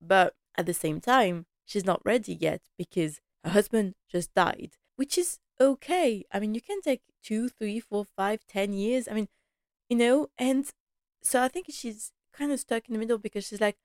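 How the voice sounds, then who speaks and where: Chatty woman with a smooth, dry voice. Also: medium pitch, moderate pace, no room sound. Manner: chatty and animated, laughing often, slipping into quoted lines. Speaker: podcast host recapping a TV drama. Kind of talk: casual chat.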